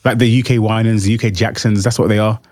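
A man's voice: on the low side, fairly even intonation, fast talker, darkish tone. A man from Jamaica, a radio presenter guesting on a show, chatting in a playful, effusive, joking way. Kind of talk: casual radio chat.

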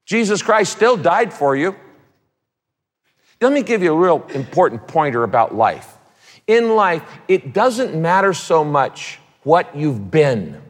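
A man preaching a sermon as a pastor, emphatic, repeating key phrases and dropping quick casual asides. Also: fairly high pitch, very animated. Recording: long hall reverb.

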